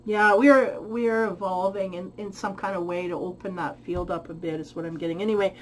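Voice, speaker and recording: A woman with a mid-range voice talks through a spiritual tarot reading. She thinks aloud, pauses to find the right words and laughs lightly at herself now and then. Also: mid-range voice, fairly even intonation, a little hiss or hum, low-quality recording. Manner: thoughtful, searching for words, frequent light laughs. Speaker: tarot reader.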